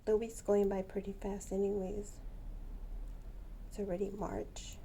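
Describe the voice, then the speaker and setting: A woman's voice: mid-range voice, little pitch movement, measured pace, dark tone, slight background noise. A woman chatting at home to her pet birds in a doting, teasing baby-talk way. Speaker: pet bird vlogger. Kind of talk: casual chat to pet birds.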